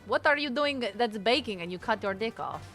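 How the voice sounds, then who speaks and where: A woman's voice: on the high side, expressive, fairly bright tone, soft background music. A young woman streaming a game, chatting casually in a playful, teasing way. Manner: playful, teasing, quick to laugh. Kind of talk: casual gaming chat.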